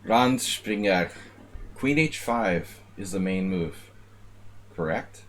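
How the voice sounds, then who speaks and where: A man's voice: low-pitched, lively intonation, takes it slowly, fairly bright tone, slight background noise. A man live-streaming blitz chess, chatting casually with viewers and rambling jokingly between moves. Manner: rambling, joking, talks to chat.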